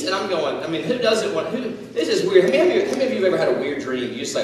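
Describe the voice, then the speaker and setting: Preaching a casual sermon to a youth group, a man retells a story in joking slang and acts out its characters. His high voice is animated and a little fast, recorded from far off in a large, echoey hall.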